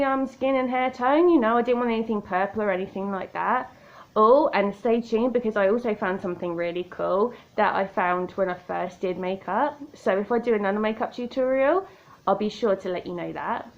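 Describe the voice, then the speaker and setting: Girl doing a makeup tutorial, kinda high voice, gravelly, dull tablet sound. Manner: chatty, self-mocking, talks to the viewer. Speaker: makeup vlogger. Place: indoor room by a window. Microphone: tablet camera.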